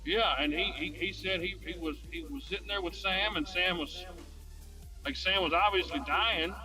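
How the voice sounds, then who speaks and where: A man with a high voice hosts a laid-back podcast and tells stories in a loose, profane, stop-and-start way. Music plays clearly behind him. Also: moderate pace. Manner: rambling, profane storytelling with restarts. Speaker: podcast host. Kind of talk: casual podcast chat.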